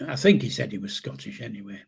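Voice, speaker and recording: A man, telling old memories in a rambling, halting way with chuckles. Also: lowish voice, lively intonation, vocal fry, slightly rough. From England. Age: 70s. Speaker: channel host, grandfather. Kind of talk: casual spoken memoir storytelling.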